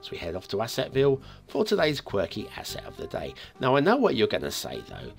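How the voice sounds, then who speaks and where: A man's voice: on the low side, huge pitch swings, fairly quick, gravelly, few pauses. A man from the UK hosting a map review show, chatting playfully with asides as he looks around. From United Kingdom. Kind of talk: casual game commentary. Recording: faint music behind.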